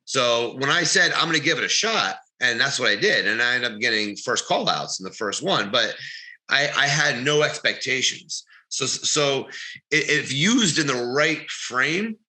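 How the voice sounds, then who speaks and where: Very bright-voiced man telling stories. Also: medium pitch, unhurried, low-quality recording. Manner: rambling, animated storytelling, swears. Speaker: podcast co-host, bodybuilder. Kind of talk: casual podcast chat, storytelling.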